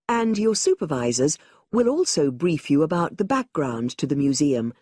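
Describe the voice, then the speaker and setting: Woman w a low husky voice, museum staffer explaining stuff to new volunteers, scripted test audio, very dry sound. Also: dark tone, dry recording. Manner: clear, explanatory, giving directions. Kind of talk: scripted exam listening recording.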